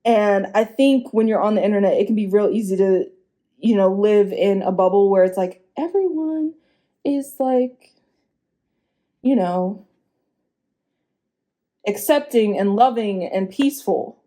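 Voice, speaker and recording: Chatty woman vlogger, soft mellow voice. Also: measured pace, pauses often. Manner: chatty and frank, laughing asides, swearing; lively pitch swings for emphasis. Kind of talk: casual opinionated commentary.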